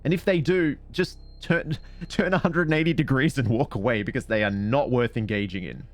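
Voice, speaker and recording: A man streaming casual commentary and reading stories aloud in an animated, digressive, self-mocking way. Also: mid-range voice, moderate pace.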